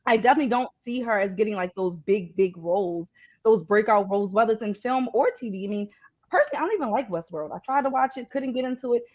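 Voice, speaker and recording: A woman's voice: fairly high pitch, lively intonation, quick pace, darkish tone, lo-fi sound. A woman co-hosting a casual talk show, candid and dismissive, laughing as she talks. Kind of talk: casual chat.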